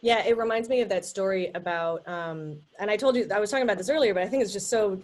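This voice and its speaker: A woman's voice: mid-range voice, fast talker, darkish tone. A woman host with a mid-range voice, upbeat and enthusiastic, who tells stories animatedly. She talks through a computer mic on a video call. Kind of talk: casual live interview.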